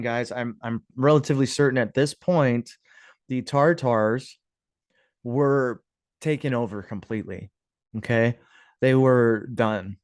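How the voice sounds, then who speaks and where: A man's voice: mid-range voice, no room sound, clean studio sound. A man casually commenting on old images and clippings, musing aloud, with sarcastic asides and frequent chuckles. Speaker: history video host.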